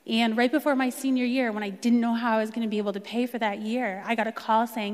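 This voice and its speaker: A woman's voice: a little high, little pitch movement, quick pace, few pauses, long reverb tail. A young woman from the United States telling a personal testimony in an earnest storytelling way, acting out quotes with feeling. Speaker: speaker sharing a personal testimony.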